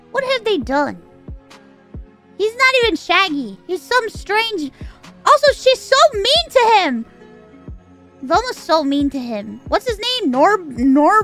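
A woman's voice: very high voice, fairly bright tone. A woman streamer in a casual livestream rant, exasperated and swearing, firing off incredulous rhetorical questions.

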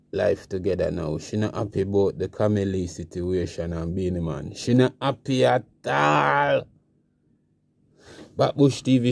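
A man hosts a commentary vlog, reacting to a clip in an easygoing drawl. He talks slowly in a warm, dark voice, recorded close and dry. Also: mid-range voice, creaky, no room sound. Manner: laid-back commentary, repeats channel name. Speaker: channel host.

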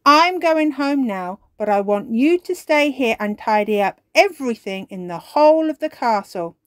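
A woman voicing an eager little boy elf in a storybook reading, excited and a bit bossy. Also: on the high side, normal speed, no room sound, clean studio sound, pitched above the performer's own voice, natural voice. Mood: commanding.

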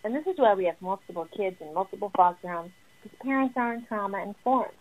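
A woman therapist explains parenting ideas with lively emphasis and a mid-range voice. Her audio comes through tinny and narrow, like a phone call. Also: medium pitch, fast. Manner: animated and emphatic, acting out what children say. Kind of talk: explaining parenting advice in a conversation.

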